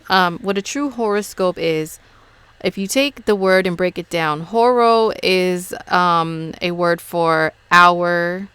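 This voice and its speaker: Husky-voiced woman, chatty and frank. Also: on the low side, fairly bright tone, no echo. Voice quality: husky morning voice. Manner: chatty, frank, with fillers and slang. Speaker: astrology YouTuber. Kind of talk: casual talk to camera.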